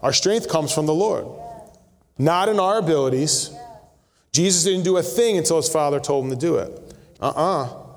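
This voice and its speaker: A man's voice: fairly high pitch, moderate pace, pauses often. Man preaching in a reverberant church. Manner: conversational preaching with storytelling asides. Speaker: pastor. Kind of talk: sermon. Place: church sanctuary. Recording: long reverb of a church hall.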